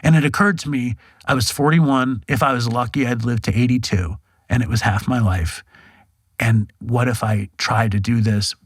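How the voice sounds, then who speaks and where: A man in his forties speaks candidly as a podcast guest, moving from plain telling into animated bursts where he acts out old conversations. His voice sits in a middle range, and the close, dry recording keeps every word close to the ear. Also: medium pitch, normal speed, husky, dry recording. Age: 40s. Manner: frank, animated, acts out quoted dialogue, swears. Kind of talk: candid storytelling interview. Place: podcast studio.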